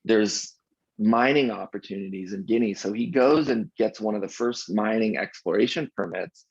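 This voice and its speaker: A man as a podcast guest, telling an animated anecdote in casual conversation, often restarting his sentences. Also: on the low side, moderate pace, slightly rough, no room sound. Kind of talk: casual interview storytelling. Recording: dull lo-fi dry sound.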